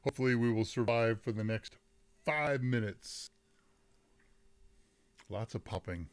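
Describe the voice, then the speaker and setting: A man's voice: mid-range voice, a little slow, smooth. A middle-aged man hosting a live tech Q&A stream in casual chat, rambling, breaking off mid-sentence, reading the chat aloud and laughing often, on a desk microphone.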